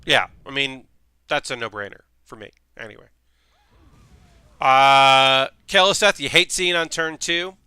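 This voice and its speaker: A man's voice: medium pitch, pushed and bright, smooth, no echo. A man streaming a card game live, chatting casually and thinking aloud with frequent ums and restarts while greeting viewers.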